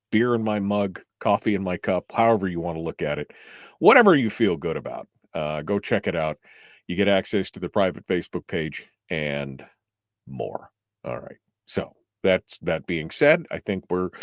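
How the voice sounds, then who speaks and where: Chatty talk show host guy, kinda low voice, lots of uhs, dry sound. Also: no echo. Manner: upbeat, chatty, with frequent uh fillers. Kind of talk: casual talk show hosting.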